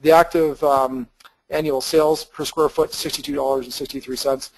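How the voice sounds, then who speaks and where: A man's voice: fairly high pitch, flat delivery, moderate pace, creaky, slight background noise, rough recording. A man presenting real estate investment data over slides in a casual, explanatory way, with many fillers and restarts.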